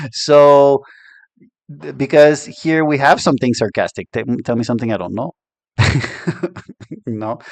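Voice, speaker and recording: A man's voice: medium pitch, no room sound. A man with a Quebec French accent, teaching French expressions in a casual, joking way and laughing often. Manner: chatty and joking, laughs often, switches between English and French. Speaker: language teacher. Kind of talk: casual online language lesson.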